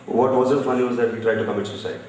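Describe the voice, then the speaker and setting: An Indian author, a guest at a live festival panel, speaks bluntly and tells stories in a fast, mid-range voice with fairly even intonation and a slightly mellow tone. The mic is distant in an echoey large hall, with a little hiss or hum.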